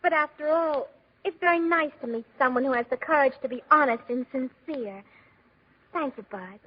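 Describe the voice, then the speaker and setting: A woman's voice: sits high, moderate pace, natural voice. A woman playing a sweet, earnest young princess. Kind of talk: 1940s radio acting. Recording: echoey dull old radio recording.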